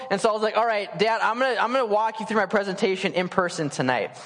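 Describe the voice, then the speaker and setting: Male pastor, late 20s, high voice, casual animated storyteller, reverb of a church hall. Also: quick pace, few pauses. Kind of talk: sermon storytelling. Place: church sanctuary.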